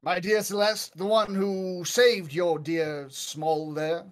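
A polite, gracious adventurer, played by a man in a tabletop game. He speaks in formal, courtly phrases. His voice sits high for a man. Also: steady tone, takes it slowly.

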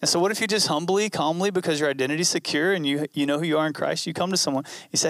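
Male pastor, earnest and conversational, repeats lines for emphasis; voice on the higher side. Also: rapid-fire, fairly bright tone, no room sound, clean studio sound. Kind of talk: sermon.

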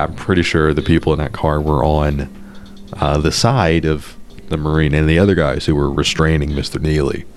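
A man's voice: rumbling low, darkish tone. A man hosting a podcast, giving blunt, profane, sarcastic commentary on an article he reads aloud, stumbling over restarts when worked up. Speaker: podcast host.

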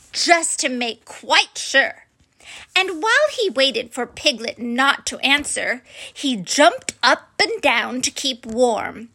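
A woman reading a children's storybook aloud in a soft, gentle and friendly way. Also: high voice.

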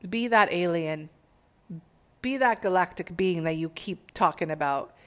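A woman's voice: lowish voice, measured pace. Profane, fired-up spiritual woman. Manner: profane, exhortative, laughs at own words. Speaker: spiritual speaker. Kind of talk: casual spiritual monologue.

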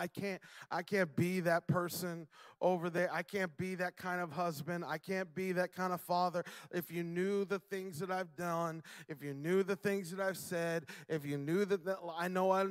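A young man preaching a sermon, slowing down to stress key words and building to loud, emphatic passages. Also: high voice, fairly even intonation, clear, resonant tone, no room sound, clean studio sound. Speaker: pastor; father.

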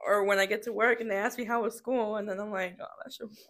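A woman's voice: mid-range voice, steady tone, fast talker, fairly bright tone. A young woman co-hosting a casual chat, talking and giggling while she eats snacks. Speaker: co-host.

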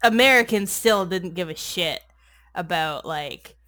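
Slow, low-voiced sarcastic woman rambling. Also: expressive, bright, forceful tone. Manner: rambling, sarcastic, crude, heavy use of "like". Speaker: podcast co-host. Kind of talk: casual comedic movie recap.

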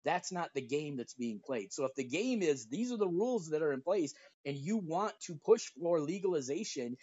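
A middle-aged father co-hosting a casual podcast, talking in an animated way and acting out his anecdotes. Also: a little high, normal speed, breathy edge, dry recording. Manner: animated storyteller, puts on voices in his anecdotes. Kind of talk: casual conversation. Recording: dry, dull lo-fi audio.

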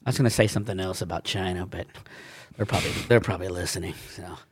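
A man co-hosting a casual podcast, animated and quick to laugh. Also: low-pitched, husky, no room sound, clean studio sound. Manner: animated, laughing, swings into mock voices. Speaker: podcast co-host.

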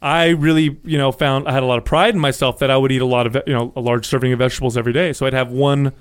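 Smooth-voiced man, casual podcast. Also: medium pitch, fairly even intonation, rapid-fire. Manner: loose and profane, stumbles and restarts. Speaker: podcast co-host.

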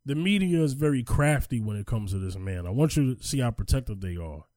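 A man co-hosting a casual podcast chat, talking in an animated, emphatic way as he tells a story. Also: medium pitch, fairly quick, no echo, studio quality. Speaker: podcast co-host.

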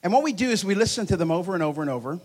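A man delivering a charismatic sermon in a church hall, slightly higher in pitch than most men. He is animated and playful, teasing his congregation, and swings from quiet asides to loud, emphatic bursts. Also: racing. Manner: animated, joking, lively swings in loudness. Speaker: preacher.

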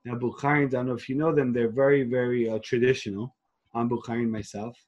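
A man's voice: medium pitch, little pitch movement, fast, a little mellow, highs cut off. A man, a rabbi telling his story in an interview, earnest and full of restarts, dropping Hebrew and Yiddish phrases. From Queens, New York. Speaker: rabbi and organization leader, interview guest.

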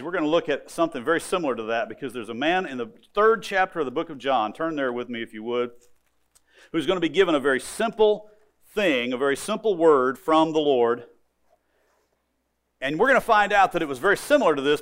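A man's voice: on the high side, fairly bright tone. A middle-aged male pastor preaching a sermon, telling stories, repeating phrases and speaking directly to his congregation as he builds to emphatic points.

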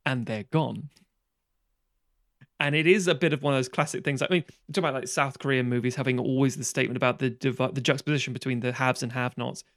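A man chatting casually on a podcast, retelling a film plot in a lively, sweary way and acting out the characters' lines. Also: mid-range voice, fast talker, no room sound, studio quality.

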